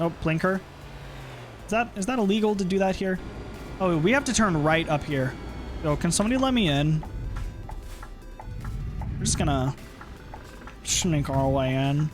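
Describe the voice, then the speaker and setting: A man's voice: high-pitched, a bit bright, slight background noise. A young man streaming a driving game, chatting casually with viewers and reacting aloud to the road. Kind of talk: casual gameplay commentary. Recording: game music behind.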